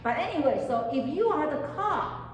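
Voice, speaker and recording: Speaking English with non-native phrasing, a counseling lecturer regularly breaks off to quiz her students. Her fairly high voice is expressive and moderately paced. The mic is distant, the lecture hall echoes heavily, and there's a little background noise.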